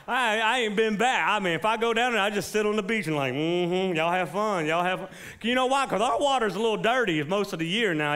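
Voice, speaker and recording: This is a man in his forties, a pastor with a high-pitched voice. He preaches in a loose, joking, conversational way and builds into fervent exhortation. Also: sharp tone. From South Carolina, US. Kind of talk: sermon.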